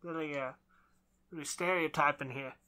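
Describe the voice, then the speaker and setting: A man's voice: a little high, steady tone, pushed and bright, clean tone. A man doing a hammy fake-British guest. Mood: mock pompous. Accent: put-on British, sounding Australian. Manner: jokey, hesitant, halting. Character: mock British composer guest, boastful, hammy.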